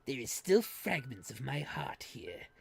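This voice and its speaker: A woman voicing a possessed, villainous woman who speaks in a low, sinister half-whisper over faint game music. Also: sing-song, unhurried, creaky, slightly rough, heavily acted. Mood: menacing.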